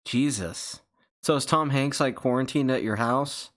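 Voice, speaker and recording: A man's voice: mid-range voice, a little slow, a bit bright. A man hosting a casual livestream, rambling through chat questions with profane joking accusations. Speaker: channel host.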